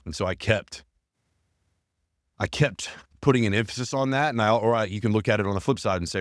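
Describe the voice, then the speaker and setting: A man's voice: lowish voice, a little fast, dry recording, studio quality. A male podcast host, talking earnestly and emphatically in a casual conversation. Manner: earnest and emphatic, repeats phrases.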